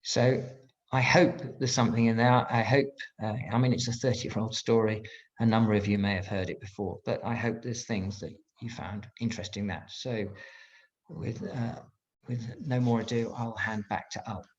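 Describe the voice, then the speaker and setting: A man's voice: fairly low pitch, fairly even intonation, moderate pace. A British man in his fifties, a former pilot giving a motivational talk online, emphatic and telling his story with acted-out quotes. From Britain. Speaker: guest speaker, former pilot. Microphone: video call. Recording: dull lo-fi video-call audio.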